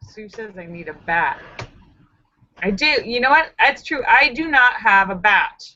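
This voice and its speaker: A woman's voice: mid-range voice, expressive, unhurried, sharp tone, lo-fi sound. A woman hosting a casual live stream, chatting with viewers in a sassy, joking, self-mocking way.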